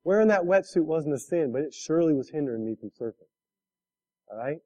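A man's voice: a little high, lively intonation, fairly quick, warm tone. A man preaching a sermon, telling a story with laughs and asking the listeners direct questions. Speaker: pastor.

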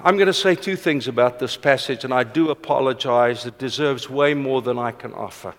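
A middle-aged man preaching a passionate sermon, rushing ahead and then slowing for emphasis. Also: medium pitch, fairly bright tone. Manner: passionate, fast-paced with sudden slow emphatic drops. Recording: long reverb of a large hall.

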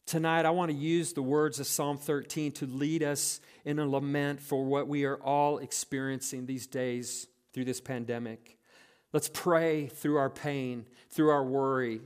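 Earnest pastor preaching on lament. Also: male voice, medium pitch, clear, resonant tone. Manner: earnest, measured, reads scripture with slowed emphasis. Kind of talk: sermon.

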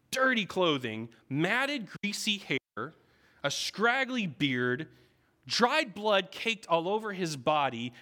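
A man with a bright, forceful voice, pitched a touch high, preaches a sermon. He tells the story in vivid, dramatic strokes and keeps checking in with his listeners with a quick "right?".

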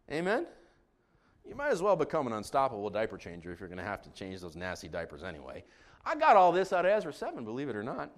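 A middle-aged man preaching a sermon as a pastor, joking and animated, shouting in acted bits. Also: mid-range voice, quick pace.

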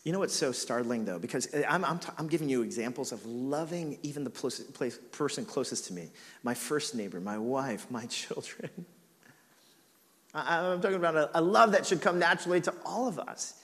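A man's voice: a little high, animated, a little fast, fairly bright tone, big-room sound. A man preaching a sermon as pastor, telling a funny personal story about himself with lots of casual fillers. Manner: storytelling with self-mocking humor and laughs.

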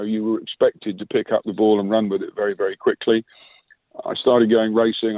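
A man's voice: on the low side, dry recording. A man in his sixties, an interview guest, recalling past work in long reflective anecdotes full of quoted dialogue. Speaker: interview guest, former sponsorship manager. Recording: dry tinny phone-line sound.

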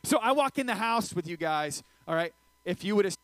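An energetic male preacher with a slightly high voice, joking and talking straight to his young crowd. The sound is dry, with little room echo. He delivers a loose, casual sermon. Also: a little fast. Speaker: youth pastor.

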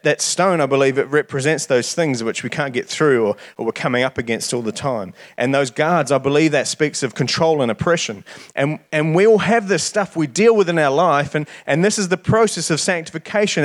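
An earnest man preaches a sermon in a voice that sits a little high for a man. He often repeats a word or two as he starts his phrases, then presses on with warm conviction.

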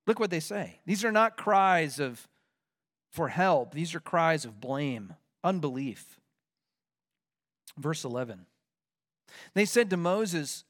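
Male pastor, higher-pitched, expository sermon delivery with lively acted-out complaints. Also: normal speed. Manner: expository preaching with acted-out complaints and rising emphasis.

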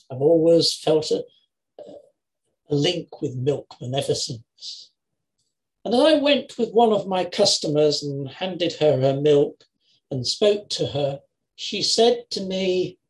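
An older man preaching an earnest sermon over a video call, with measured phrasing and emphatic repetitions. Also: a little high, darkish tone, rough recording. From England, Lincoln. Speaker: lay preacher.

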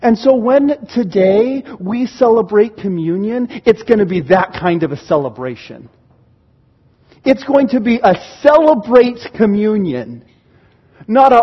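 A man preaching a sermon in church, telling stories with animated, excited reactions. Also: sits high, a little slow, slightly rough, muffled recording. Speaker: pastor. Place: church sanctuary.

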